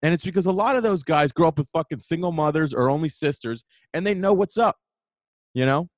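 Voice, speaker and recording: A man's voice: fairly high pitch, a little fast, dry recording. A man hosting a podcast, telling a story in a heated, profane casual rant. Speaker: podcast host. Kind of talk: casual ranting monologue. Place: New York.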